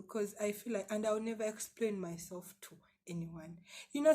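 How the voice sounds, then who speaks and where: A woman's voice: mid-range voice, a little mellow. A woman vlogger telling her personal story to camera in a candid, emphatic way, often repeating words and asking rhetorical questions.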